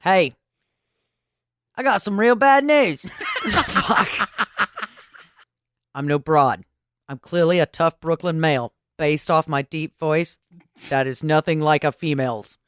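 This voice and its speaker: A woman voicing a tough male Brooklyn street gang guy with loud, laughing, mock-deep bravado. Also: animated, extremely slow, pauses often, dry recording, clean studio sound, full character voice. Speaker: podcast co-host.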